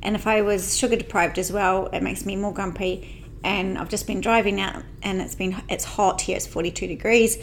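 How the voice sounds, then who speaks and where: Woman cohosting a podcast, chatty, laughs a lot, sore neck, mid pitch. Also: steady tone, normal speed, a little hiss or hum. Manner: chatty, self-mocking, laughs often. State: in neck and shoulder pain. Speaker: podcast co-host. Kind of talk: casual chat.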